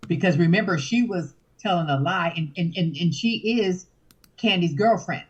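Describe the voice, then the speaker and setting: A woman co-host in casual podcast chat, recapping in quick bursts and talking over the others. Her voice is low and husky. The sound is muffled and lo-fi.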